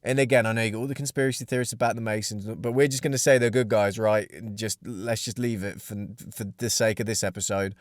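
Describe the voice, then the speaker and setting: A man's voice: mid-range voice, no echo, studio quality. A young man hosting a podcast, telling a rambling, sweary story in casual chat. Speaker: podcast host.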